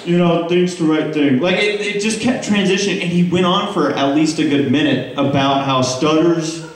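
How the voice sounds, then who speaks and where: A man on a convention panel tells stories in an animated, laughing way, full of quick asides. His voice sits a little high. He is recorded from far off in a very echoey hall. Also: slight background noise. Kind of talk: casual panel storytelling.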